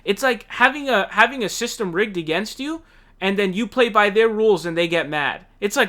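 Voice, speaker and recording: Male commentary host, high-pitched, heated and profane, casual rant. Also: brisk, pushed and bright.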